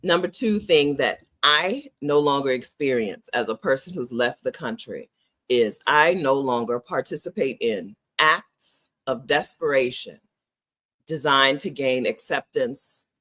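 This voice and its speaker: This middle-aged woman from the United States has a bass voice and talks a little slowly. In her casual, opinionated vlog she's animated and emphatic, laughing frequently and repeating phrases.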